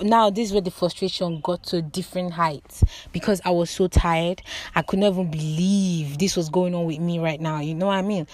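A young woman in her twenties vlogging, telling a story to her viewers in a dramatic, animated way, with loud exclamations and casual swearing. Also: fairly low pitch.

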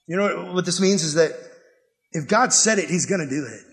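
High-voiced, emphatic preacher. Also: male voice, animated, brisk, a bit bright. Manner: emphatic, conversational, with rhetorical questions. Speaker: pastor. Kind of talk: sermon.

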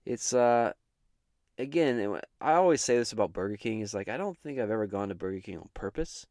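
A man's voice: fairly low pitch, animated, a little fast, darkish tone, no echo, studio quality. A man hosting a casual chat, rambling and joking with many restarts. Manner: rambling, self-interrupting, jokey. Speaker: host.

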